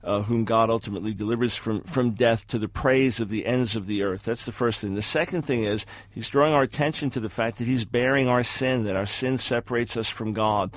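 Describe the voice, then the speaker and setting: A man answering in a debate, measured and explanatory. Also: medium pitch, no room sound. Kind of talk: debate rebuttal.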